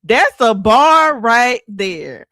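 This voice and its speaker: A woman's voice: a little high, sing-song, very slow, pushed and bright, no echo, clean studio sound. A woman hosting a podcast, affirming her guest and reading listener comments aloud. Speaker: podcast host. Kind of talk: casual podcast chat.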